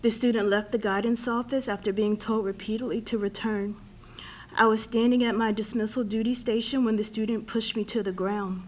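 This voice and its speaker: A woman teacher giving a prepared, formal statement at a school board meeting, measured and read from notes. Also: on the high side, fairly even intonation. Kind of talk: prepared public comment read aloud.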